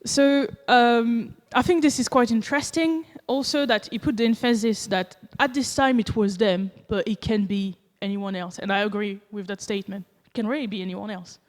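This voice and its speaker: Speaking at a conference, this French-accented woman keeps things casual and jokey, using lots of fillers. Her mid-range voice holds a fairly even intonation at a moderate pace with few pauses, echoing with the hall's long reverb.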